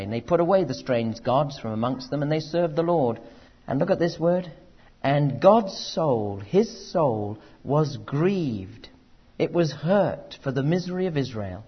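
A man preaching a sermon, animated, moving from loud urgent emphasis to quiet asides, on a dull lo-fi recording. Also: mid-range voice, moderate pace, husky.

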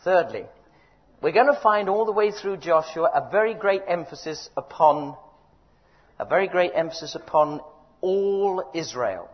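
An older man preaching a sermon, emphatic and exhorting, his voice rising loud and dropping quiet. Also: on the high side, expressive, a little slow. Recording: dull lo-fi recording.

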